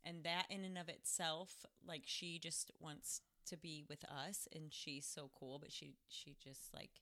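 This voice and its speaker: A woman's voice: low voice, level tone, unhurried, sharp tone. A woman co-hosting a family podcast, chatting in an easygoing way and laughing often. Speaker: podcast co-host. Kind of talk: casual chat.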